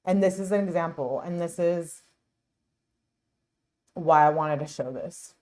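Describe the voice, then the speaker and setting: A woman's voice: on the low side, unhurried, mellow. A woman hosting a true crime channel, talking casually and earnestly over footage she plays. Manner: earnest, outspoken, chatty.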